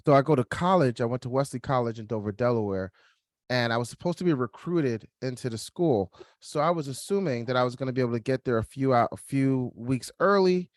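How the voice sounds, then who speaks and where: A young man co-hosting a podcast, telling a personal story in casual chat, lively and laughing, acting out the voices of others. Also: medium pitch, fairly quick, dry recording, clean studio sound. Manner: animated, acts out quoted voices, laughs while telling. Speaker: podcast co-host.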